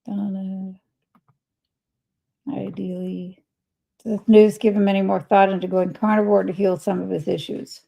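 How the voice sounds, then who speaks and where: An older woman chats on her livestream, reading out viewers' messages and answering each one. Her voice is gravelly with a mellow, dark tone, and she speaks at an everyday middle pitch. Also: flat delivery, a little slow, pauses often, rough recording. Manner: chatty, reads messages aloud and replies warmly. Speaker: livestream host. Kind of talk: casual livestream chat, reading viewer comments aloud.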